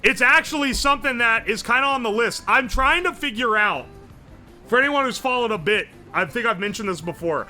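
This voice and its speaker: Loud, high, bright-voiced young man streaming. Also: animated, brisk, soft background music. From West Virginia. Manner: loud, profane, joking, yells a lot. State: sore throat from streaming. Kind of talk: casual livestream chat reading chat.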